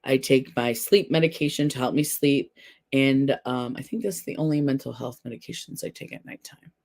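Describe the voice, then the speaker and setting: A woman's voice: a bass voice, moderate pace, vocal fry, a little mellow. A woman hosting a casual live stream, chatting candidly and answering viewers directly, recorded at home. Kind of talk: casual live chat, reading viewer comments.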